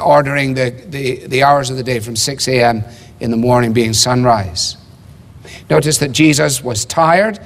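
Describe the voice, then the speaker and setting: Male preacher, somewhat high voice, emphatic teaching, long reverb of a church hall. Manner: measured, emphatic teaching with rhetorical questions. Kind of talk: expository sermon.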